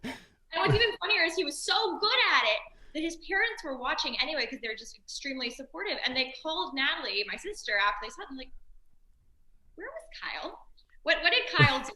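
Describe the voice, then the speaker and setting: A woman talking in a casual interview, telling stories and acting out the voices of the people in them. Her voice sits a little high and sounds bright and forward. The room around her is echoey. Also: quick pace. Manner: animated storyteller, acts out quoted voices. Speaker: actress and series creator, guest.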